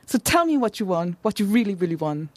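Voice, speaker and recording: A woman's voice: mid-range voice, very animated, darkish tone, no echo. A woman playing an over-the-top Shakespearean stage actor with an exaggerated British accent, reciting pop lyrics theatrically. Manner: theatrical, drawn-out.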